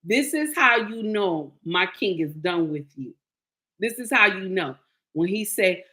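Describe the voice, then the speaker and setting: A woman vlogging casual commentary, telling stories in an animated, emphatic way. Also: medium pitch, unhurried.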